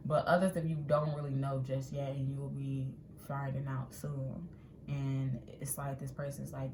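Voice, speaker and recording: Chatty low-voiced woman reading tarot. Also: normal speed. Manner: chatty, animated, acts out quotes. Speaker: tarot reader. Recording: echoey room with faint ambient noise.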